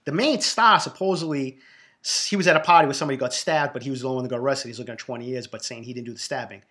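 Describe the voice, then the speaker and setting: A Boston man with a Boston accent delivers a casual, profanity-laced rant about reality shows. He is blunt and ranting throughout. His voice is bright and forceful, at an ordinary middle pitch. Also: very fast. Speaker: reality TV reviewer.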